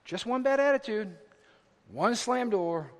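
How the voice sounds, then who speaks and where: A male pastor with a high, ringing voice preaches in an animated, dramatic way and jokes at his own expense. His words echo with a long reverb through a large hall. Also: measured pace. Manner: animated, dramatic, self-mocking humor. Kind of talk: sermon.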